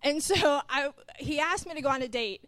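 Lively woman preaching a story-driven sermon. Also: high-pitched, normal speed, dry recording. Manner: animated, acts out quoted dialogue, talks straight to the congregation. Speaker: pastor's wife, preacher.

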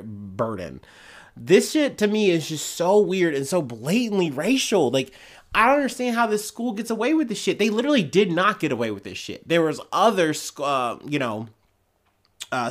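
A young man hosting a solo news podcast, ranting heatedly with frequent swearing. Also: a little high. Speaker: podcast host. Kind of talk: casual solo commentary.

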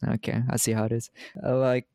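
A man's voice: mid-range voice, little pitch movement, brisk, creaky, dark tone, dry recording. A man from the United States co-hosting a casual movie podcast, rambling through the plot with jokes and frequent laughs. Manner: rambling, joking, laughs often. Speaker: podcast co-host. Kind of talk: casual movie recap chat.

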